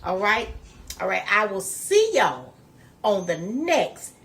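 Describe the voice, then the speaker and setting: A woman's voice: mid-range voice, sing-song, slow pace, fairly bright tone. A woman chatting folksily to her viewers as she cooks in her home kitchen. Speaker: cooking vlogger. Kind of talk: casual cooking demo chat. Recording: noisy home recording.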